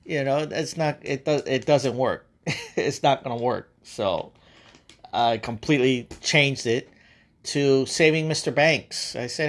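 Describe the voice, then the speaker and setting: A man's voice: a little high, animated, normal speed. Rambling, profane male podcast host. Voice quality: rambling, profane, laughs often. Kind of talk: casual chat.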